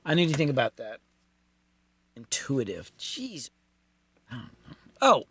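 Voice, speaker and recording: A man's voice: medium pitch, sing-song, measured pace, fairly bright tone, slightly rough, no echo. A man hosting a casual live stream from his home mixing studio, thinking aloud and rambling in a self-deprecating way, with lots of ums.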